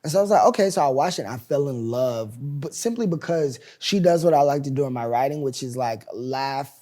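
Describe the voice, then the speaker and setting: A young man in his twenties tells his story in a relaxed interview. He acts out the people he quotes, jumping far up in pitch and volume for their lines. His telling is lively and full of expression. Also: fairly quick. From United States. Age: 20s. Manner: animated, acts out quoted voices loudly. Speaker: playwright and showrunner guest.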